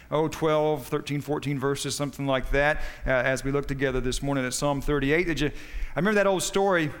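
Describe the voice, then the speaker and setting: A man's voice: a little high, fairly bright tone, in a large hall. A man preaching a sermon in a folksy, storytelling way, often stopping to restart his sentences. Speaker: pastor.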